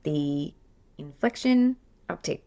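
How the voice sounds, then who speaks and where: A middle-aged Australian woman talks through a teaching point on her podcast. Her voice sits low with a gravelly fry, and she rambles warmly through fillers and restarts, laughing at herself. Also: expressive, slow. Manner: chatty, self-deprecating, many fillers and restarts. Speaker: play therapist and podcast host. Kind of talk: casual teaching monologue.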